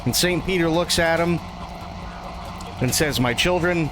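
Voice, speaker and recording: A man's voice: on the high side, a little slow. A man live-streaming a game, chatting casually to viewers and telling wry jokes. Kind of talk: casual live gameplay chat. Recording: clear game music behind.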